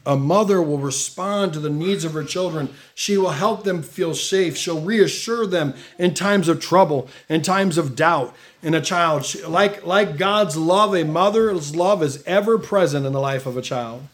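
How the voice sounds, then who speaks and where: A middle-aged pastor with a notably high-pitched voice delivers a sermon. He reads scripture aloud and presses his points with emphatic rises in his voice. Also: a little slow, hardly any pauses.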